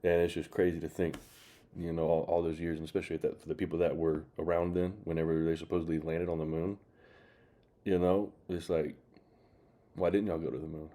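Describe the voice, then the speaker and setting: Deep, flat-voiced man commenting. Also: a little fast. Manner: rambling, many fillers, drawn out. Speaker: channel host reacting to clips. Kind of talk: casual commentary.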